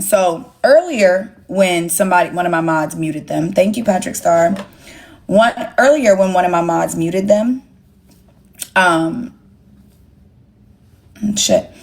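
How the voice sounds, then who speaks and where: A young woman hosting a phone livestream, talking bluntly and with plenty of swearing straight to her chat. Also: on the low side. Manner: blunt, profane, sassy, talks straight to chat. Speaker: livestream host. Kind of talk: casual livestream rant to viewers.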